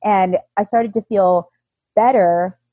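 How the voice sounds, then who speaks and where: Husky woman telling her own story. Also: medium pitch, fairly even intonation, slow pace, dry recording. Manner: earnest, emotional retelling with many quoted lines. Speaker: personal storyteller. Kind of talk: candid personal testimony. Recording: dull, lo-fi, dry recording.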